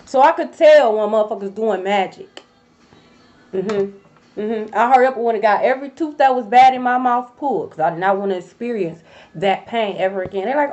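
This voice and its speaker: A woman who reads tarot, telling a story to her viewers in a blunt, profane, animated way, addressing them as y'all. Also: medium pitch, a little fast. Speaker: tarot reader. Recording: dull lo-fi recording.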